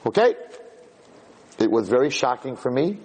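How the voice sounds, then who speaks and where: A man giving a sermon as a rabbi, telling a story in a lively way that builds to emphatic points. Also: medium pitch, normal speed, breathy edge, low-quality recording. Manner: animated storytelling, rising to emphatic peaks.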